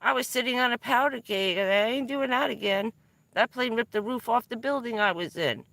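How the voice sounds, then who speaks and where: A middle-aged woman from New Jersey on a vanlife live stream, talking casually and telling rambling, excitable stories with the odd swear word. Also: fairly high pitch, brisk, creaky, no room sound. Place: in or around her van.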